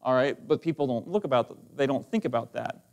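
A man's voice: mid-range voice, expressive, fairly quick, gravelly, darkish tone. A male pastor preaching a fervent sermon, reading old scripture verses aloud between his comments. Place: church sanctuary.

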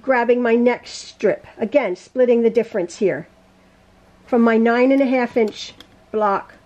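A high-pitched woman talks through a quilting lesson from her home sewing room. She chats as she sews, correcting herself often and circling back to what she meant. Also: measured pace, darkish tone, muffled recording. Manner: rambling, self-correcting, talks while sewing. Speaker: quilting teacher. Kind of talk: chatty sewing tutorial.

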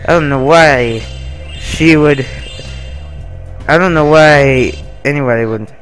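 Young male let's-player, very slow, joking and swearing; faint game music behind. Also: on the high side, fairly bright tone. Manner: laid-back, giggly, swearing, silly asides. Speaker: let's play gamer. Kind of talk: casual gameplay commentary.

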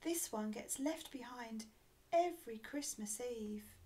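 A woman voicing an eager little Christmas elf in a storybook, with a high, chirpy voice. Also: lively intonation, takes it slowly, warm tone.

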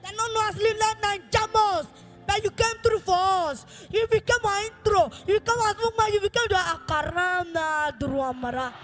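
A woman with a Nigerian accent leading chanted praise worship at a church service, with fervent, half-sung lines, often shouted, calling on the congregation to repeat after her. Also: very high voice, steady tone, moderate pace, faint music behind. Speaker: worship leader.

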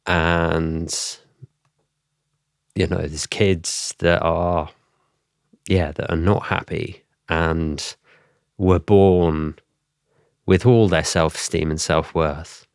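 A man hosting a podcast interview, earnest and gently emotional. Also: deep voice, steady tone, drawn-out words, gravelly, long pauses, clean tone, dry recording, clean studio sound. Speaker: podcast host.

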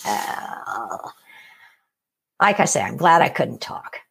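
A middle-aged woman recounts her own story as an interview guest, her voice husky and breathy. Her pitch swings widely as she acts out what people said to her, and she laughs often as she talks. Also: sing-song, takes it slowly. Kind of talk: personal story in conversation.

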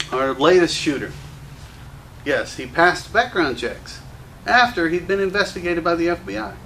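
A man's voice: sits high, a bit bright, slight background noise. A man who owns a gun store, ranting to camera in an angry, combative, profane commentary. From Louisiana. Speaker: gun store owner and show host.

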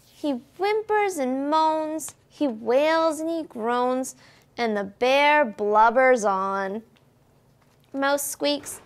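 Lady librarian reading a picture book to kids, high voice, goes up and down a lot, takes it slow. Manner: sing-song, expressive, asks the children questions. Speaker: children's librarian. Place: library storytime.

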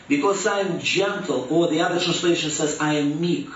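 A man preaching a sermon as youth pastor, swinging between rising emphatic questions and soft, low drops. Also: moderate pace, few pauses, slight background noise. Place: church hall. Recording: echoey, distant, dull church room recording.

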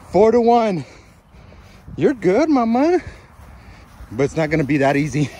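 Playful, breathless high-voiced dad. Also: male voice, mellow, breathy edge. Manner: playful, laughing often, teasing the kids. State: out of breath from playing. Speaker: father filming his family. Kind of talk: casual family vlog commentary. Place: outdoors, playing soccer. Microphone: phone held while playing.

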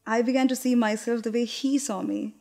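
A woman's voice: a little high, steady tone, brisk, darkish tone. Candid young woman in a stage monologue. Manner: candid, confiding, wry, with hesitant restarts. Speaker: actress. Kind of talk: theatrical monologue.

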